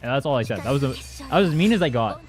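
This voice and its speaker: A young man talks fast over his game stream, his pitch bouncing as he rambles and swears through replies to chat. Soft music plays faintly under his voice. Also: big pitch swings. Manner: rambling, profane, reads and answers chat. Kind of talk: casual livestream chat while gaming. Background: faint music from his playlist.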